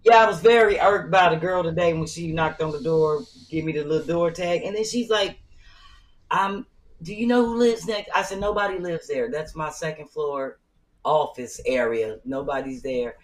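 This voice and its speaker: A woman co-hosting a comedy podcast in casual chat, telling animated stories and acting out what people said. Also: low-pitched, moderate pace, poor audio. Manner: animated storytelling, acts out quotes. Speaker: podcast co-host.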